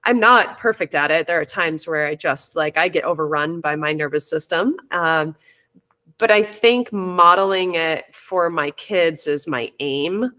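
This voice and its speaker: A woman who teaches and coaches parents speaks openly and reflectively in a casual conversation, telling stories and often restarting sentences as she thinks. Her voice sits low and bright with a forceful tone, and she talks a little slowly.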